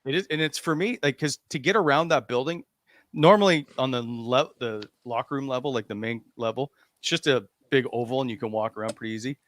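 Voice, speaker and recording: A man co-hosting a casual sports talk show, dry and quick with stats. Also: mid-range voice, fairly bright tone, no room sound. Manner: dry, stat-quoting. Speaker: sports broadcaster, co-host.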